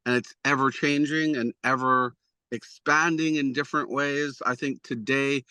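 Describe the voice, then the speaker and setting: Guy producer talking over a video call, bright tense tone, dry close sound, keeps restarting sentences. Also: medium pitch, steady tone, normal speed, no room sound. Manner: rambling, restarts often, self-deprecating. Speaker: executive producer guest. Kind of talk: conversational interview answers.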